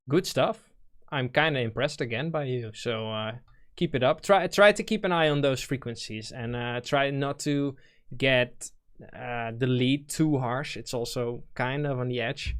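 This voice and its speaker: A man's voice: medium pitch, a bit bright. Dutch-accented man giving casual demo feedback. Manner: thinks aloud with fillers, explains technical points. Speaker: host giving feedback on music demos. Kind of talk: casual spoken feedback on a stream.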